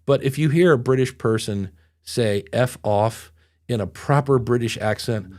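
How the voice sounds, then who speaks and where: Speaking a little slowly in a mid-range, darkish voice, a middle-aged man hosts a casual podcast. He spins rambling stories with a self-deprecating streak.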